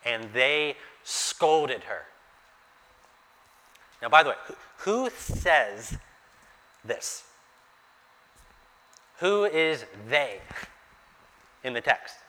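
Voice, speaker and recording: A man's voice: mid-range voice, very animated, drawn-out words, long pauses, pushed and bright. Guy preaching, chatty, keeps asking the crowd questions, long echoey hall sound. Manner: conversational, asks the listeners rhetorical questions. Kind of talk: sermon teaching through a Bible passage.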